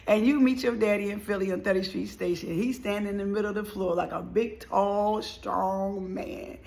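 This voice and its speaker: A middle-aged woman, speaking as a motivational speaker in an emotional, animated personal storytelling monologue and acting out the voices of people in her story. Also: mid-range voice, moderate pace, vocal fry.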